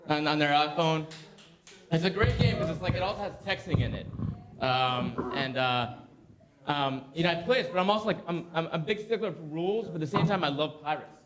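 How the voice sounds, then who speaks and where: Young guy doing stand-up, lots of um and restarts, kinda high voice, crowd laughing in an echoey club. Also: a bit bright. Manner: rambling, halting, with many restarts and fillers. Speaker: stand-up comedian. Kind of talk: stand-up comedy set. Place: comedy club stage. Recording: roomy club with crowd noise.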